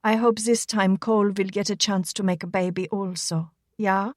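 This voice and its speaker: A woman voicing a warm young pregnant German housewife who speaks soft, broken English with a German accent. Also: mid-range voice, fairly even intonation, moderate pace, no room sound, clean studio sound, natural voice. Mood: friendly.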